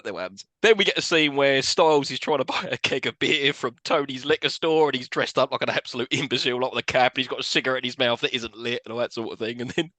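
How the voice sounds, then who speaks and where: A man recapping a film as co-host of a casual podcast, animated and quick. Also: mid-range voice, no echo. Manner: animated, quick storytelling with frequent laughs.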